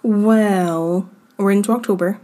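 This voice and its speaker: A woman's voice: mid-range voice, fairly even intonation, takes it slowly, dark tone. A woman co-hosting a podcast, chatting casually and laughing easily as she reads from her notes. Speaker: podcast co-host presenting the story. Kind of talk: casual chat.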